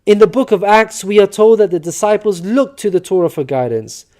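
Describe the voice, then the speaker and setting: A man narrating a prepared script with a higher-than-usual pitch. His tone is soft and mellow, with no edge to it. He reads at a measured, earnest pace, explaining each point in turn. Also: lively intonation. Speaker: religious narrator.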